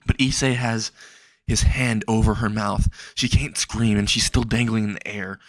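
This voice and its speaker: A young man narrating a dark fan fiction story in a slow, halting way. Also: steady tone, no echo, studio quality. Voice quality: low, gravelly voice.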